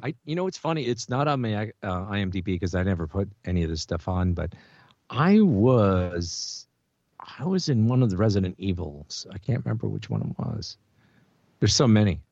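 A man's voice: fairly low pitch, dry recording. A middle-aged man, a voice actor, chatting casually and animatedly in an interview. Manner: animated, chatty, quick to laugh. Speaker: voice actor guest. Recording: dull, muffled audio.

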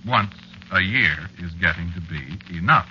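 A man's voice: low voice, lively intonation, unhurried. An actor narrating as an ageless man married to a witch in a 1940s radio drama, musing and wistful, nervously evasive with his wife, on a dull lo-fi old radio recording with music behind.

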